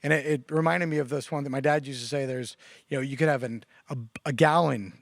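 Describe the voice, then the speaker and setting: A man chatting casually on a church talk show, telling stories with animated quoted lines. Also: fast, gravelly, no room sound, studio quality. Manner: animated storyteller, quotes others with raised pitch. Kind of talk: casual conversation.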